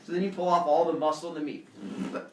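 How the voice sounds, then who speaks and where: A man's voice: a little high, steady tone, quick pace, crowd noise. A man teaching a class, telling a myth playfully and quizzing his pupils as he goes. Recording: echoey classroom from far off.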